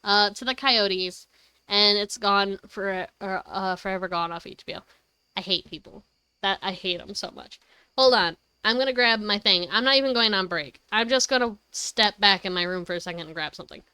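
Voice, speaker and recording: A woman streamer chatting casually at home, rambling and excitable, swearing freely. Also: mid-range voice, moderate pace, smooth, no echo. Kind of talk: casual livestream chat. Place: her home.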